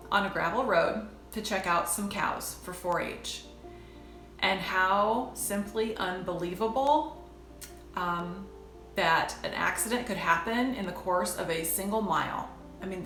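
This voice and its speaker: A woman's voice: medium pitch, fairly bright tone. A woman in her forties tells a personal story in a chatty vlog, talking directly to her viewers. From United States. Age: 40s. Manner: conversational, addresses viewers as "you guys". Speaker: vlogger. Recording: roomy echo with faint backing music.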